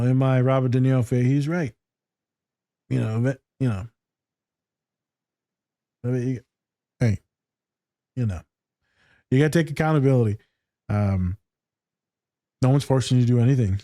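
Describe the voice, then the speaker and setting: A man's voice: mid-range voice, warm tone, dry recording, clean studio sound. A man co-hosting a casual podcast and talking bluntly about accountability, with frequent profanity and laughter. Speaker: podcast co-host and counselor.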